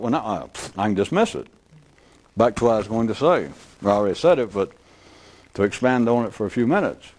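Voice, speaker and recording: A man giving an unscripted philosophical lecture in a rambling, animated way, acting out the voices of people he quotes. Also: mid-range voice.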